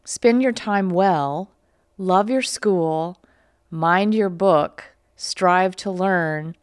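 Smooth, low-voiced female co-host. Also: no room sound, studio quality. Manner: slow, emphatic reading of a list. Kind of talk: studio talk show discussion.

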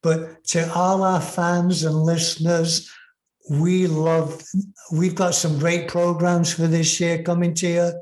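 An English-born man co-hosting a podcast, wandering from thought to thought with eager, drawn-out emphasis. His voice sits fairly high yet stays flat and level, and the room around him rings with a noticeable echo. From England. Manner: rambling, enthusiastic, drawn-out emphasis. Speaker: podcast co-host. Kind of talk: casual podcast sign-off. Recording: roomy echoey room.

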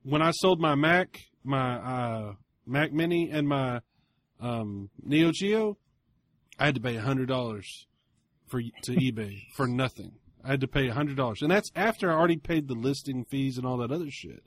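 A man's voice: medium pitch, moderate pace, no room sound. A man co-hosting a podcast in casual chat, telling stories with lots of swearing and acted-out exchanges. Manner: profane, animated storytelling. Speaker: podcast co-host.

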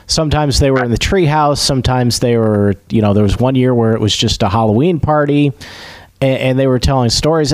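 A man's voice: mid-range voice, no room sound. Guy chatting casually, lots of ums and restarts, dry close sound. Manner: hesitant, many fillers and restarts. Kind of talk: casual chat about TV.

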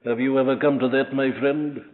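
A man's voice: mid-range voice, flat delivery, brisk, narrow, tinny audio. A man preaching a sermon, earnest and emphatic, speaking directly to the listener and climbing to impassioned peaks.

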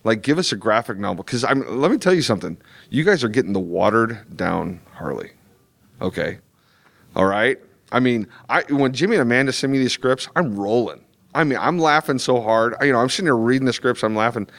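A comic book artist talking with fans in a loose, rambling way, full of "you know" and false starts. His voice sits at a middle pitch, and he leans hard on his points with animated asides. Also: a little fast, creaky. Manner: rambling, many restarts and "you know" fillers. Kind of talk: convention interview chat.

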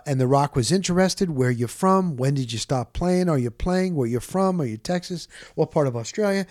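A man hosting a show, telling a story in a casual, animated monologue and often jumping into high voices when he quotes people. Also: no echo, clean studio sound. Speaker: host.

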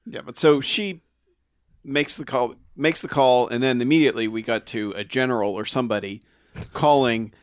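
A man in casual chat, recapping a movie plot with animated retelling. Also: mid-range voice, normal speed, dry recording, clean studio sound. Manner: animated storyteller, mimics voices. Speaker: podcast co-host.

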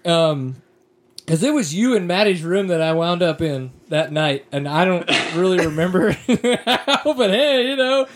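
An American man with a notably high-pitched voice hosts a casual podcast chat. He rambles, piles on fillers, and jokes his way through his thoughts. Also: expressive, a little slow, slight background noise. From United States. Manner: rambling, full of "like" fillers, joking. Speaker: podcast host.

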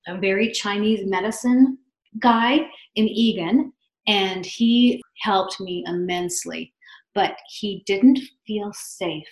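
A woman's voice: medium pitch, slow pace. Guest, woman, 50s, chatty storyteller, echoey room. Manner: chatty, animated, acts out quotes. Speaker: podcast guest. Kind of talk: casual storytelling.

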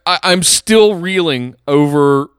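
A man co-hosts a casual wrestling podcast and weighs in thoughtfully on what he saw. His voice runs slightly high and sounds dry and close to the mic. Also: slow, smooth, no room sound. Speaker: podcast co-host.

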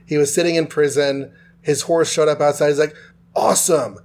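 Podcast host, male, higher voice, loose and chatty comic recap with quick character voices. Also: flat delivery, darkish tone. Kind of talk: casual comic book recap.

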